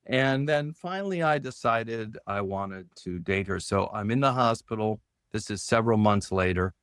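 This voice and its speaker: Casting: middle-aged man, podcast guest, animated storyteller, dry close recording. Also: moderate pace, smooth, no echo. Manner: animated storyteller, lifts his pitch sharply when quoting others. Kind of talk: storytelling in conversation.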